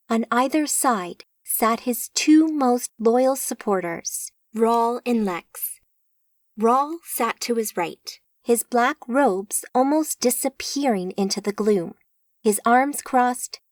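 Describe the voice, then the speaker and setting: A woman narrating an audiobook in a measured, unhurried reading. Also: a little high, animated, no echo, clean studio sound. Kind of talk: scripted narration.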